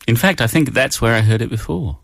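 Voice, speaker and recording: Brief: jokey male host, animated pitch, dry close sound. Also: fairly quick, creaky, dry recording. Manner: playful, jokey, puts on voices. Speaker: podcast host. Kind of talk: casual language-learning chat.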